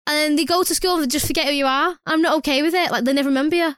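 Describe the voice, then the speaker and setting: A woman's voice: high voice, steady tone, very fast, a bit bright, dry recording, studio quality. A young woman, an emotional nursery worker chatting casually with lots of fillers. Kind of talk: casual chat.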